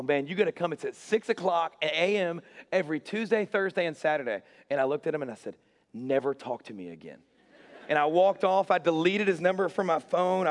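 A middle-aged man preaching as a pastor, telling stories with acted-out quotes and self-mocking humor. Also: on the high side. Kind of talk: sermon. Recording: long hall reverb.

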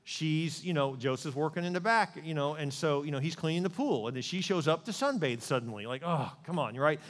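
Brief: male pastor, fairly high voice, animated joking sermon, long reverb of a big hall. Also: fairly quick.

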